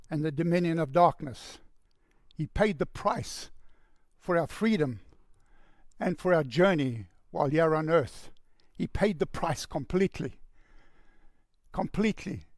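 Gravelly man preaching a story. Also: on the high side, no echo, studio quality. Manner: earnest, drops to a hushed voice for quoted lines. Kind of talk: sermon storytelling.

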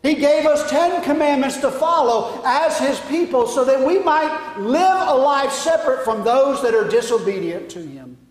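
A man preaching a sermon as pastor, swinging from loud declarations to hushed line endings. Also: extremely high pitch, lively intonation, normal speed, hardly any pauses. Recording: echoey hall.

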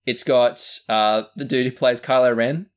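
A man's voice: medium pitch, steady tone, unhurried. An Australian man co-hosting a casual podcast, rambling through a movie review with lots of fillers and restarts. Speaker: podcast co-host.

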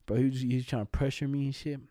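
A man's voice: medium pitch, fairly even intonation, fast talker, warm tone, no room sound, studio quality. A young man in casual chat, telling school stories in slangy, profane talk and laughing often.

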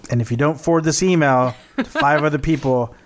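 A man's voice: fairly high pitch, brisk. A man co-hosting a podcast in casual chat, joking and playful. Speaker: podcast co-host.

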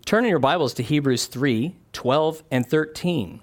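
A man preaching a sermon, animated, dropping his voice low and soft when he acts out quoted lines. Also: unhurried.

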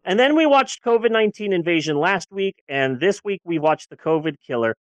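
A podcast co-host in casual movie-review chat who is sarcastic and profane, swinging from loud outbursts to low grumbles. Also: lively intonation, a little fast, no room sound.

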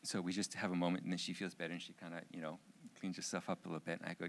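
A middle-aged man telling a personal story in a sermon, an animated storyteller with jokey asides. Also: deep voice, very fast, gravelly. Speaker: speaker.

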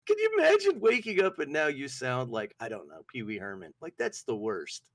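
Southern male co-host, animated comic storyteller, dry sound. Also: mid-range voice, moderate pace, no echo. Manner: animated, jokey, acts out voices. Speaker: podcast co-host. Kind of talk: casual comedic chat.

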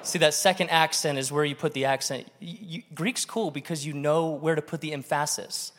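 A man preaching a sermon to a congregation, animated and joking with the audience. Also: a little high, normal speed. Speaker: pastor. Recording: long reverb of a large hall.

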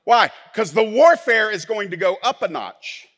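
A male pastor, preaching a sermon that swings from soft, low asides to loud, forceful declarations. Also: sing-song, moderate pace.

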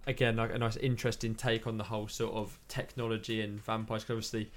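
A man's voice: on the low side, little pitch movement, fast talker. A man chatting casually about films, rambling with many fillers and restarts. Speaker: podcast co-host.

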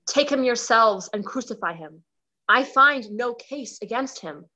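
A woman reading the part of Pilate, a stern male Roman governor, in a dramatized scripture reading, with a measured, questioning delivery. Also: fairly high pitch, expressive, sharp tone, full character voice.

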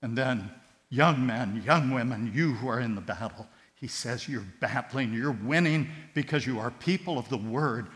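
A man preaching a sermon with passion, his voice surging loud on key words and then dropping to a hush. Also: mid-range voice, moderate pace. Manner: impassioned, swinging between loud emphatic rises and hushed tender drops. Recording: long hall reverb with mains hum.

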